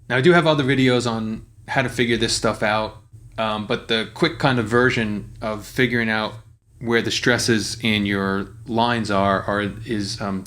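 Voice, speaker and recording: A man teaching lyric writing in a relaxed, explanatory way, with frequent fillers and restarts. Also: on the low side. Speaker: songwriting teacher. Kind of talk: casual screen-share tutorial.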